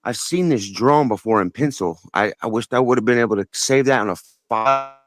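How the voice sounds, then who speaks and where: A man's voice: mid-range voice, brisk, no echo, faint music behind. A man calling in to a talk show, telling a long personal story in an earnest, rambling way with many restarts. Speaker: caller. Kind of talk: casual phone-in storytelling.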